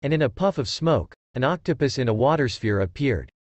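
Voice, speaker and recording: A man narrating a fanfiction story aloud in a lively storytelling manner. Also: mid-range voice, brisk, no room sound.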